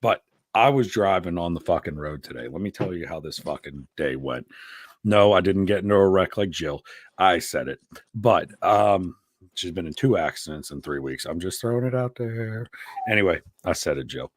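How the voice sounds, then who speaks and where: A male host with a very low, deep voice runs a loose live-stream chat, telling rambling stories packed with swearing and crude jokes. The sound is dry and close, with no room echo. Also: expressive, moderate pace. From Pennsylvania. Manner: crude, profane joking banter. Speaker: podcast host.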